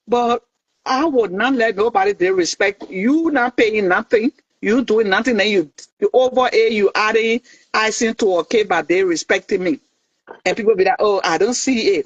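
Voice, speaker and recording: A woman's voice: on the high side, no echo. A woman calling in to a talk show, talking in a passionate, opinionated way with many restarts. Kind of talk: casual chat. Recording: dull lo-fi dry sound.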